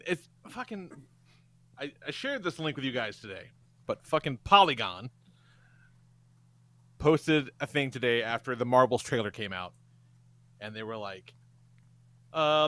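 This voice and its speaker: Man, 40s, podcast co-host; bright, lively delivery, swears freely, dry close mic. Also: medium pitch, unhurried, pauses often, dry recording. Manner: profane, animated storytelling. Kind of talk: casual podcast chat.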